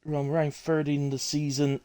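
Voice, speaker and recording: A man's voice: a little high, monotone, a little fast, mellow, smooth. A man with a Bristol accent casually commentating a sim racing league on a live stream, chatty and rambling with ums and self-corrections. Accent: Bristolian English.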